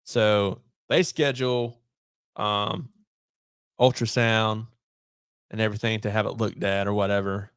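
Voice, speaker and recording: A man's voice: on the low side, steady tone, unhurried, pauses often, a bit bright, smooth, dry recording, clean studio sound. A man, a podcast guest telling a long personal story in casual talk, acting out bits of dialogue along the way. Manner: long anecdote with quoted dialogue and many restarts.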